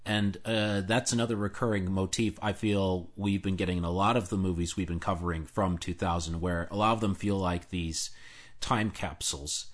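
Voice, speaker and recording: A man co-hosting a film podcast, answering in a halting, filler-heavy casual way. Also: low voice, fairly even intonation. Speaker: podcast co-host.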